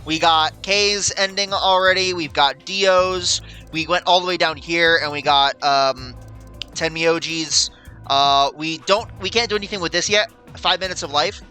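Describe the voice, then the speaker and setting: A man's voice: fairly high pitch, unhurried, pushed and bright, smooth, soft background music. A man hosting a casual let's-play, laughing often and stumbling over restarts. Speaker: host.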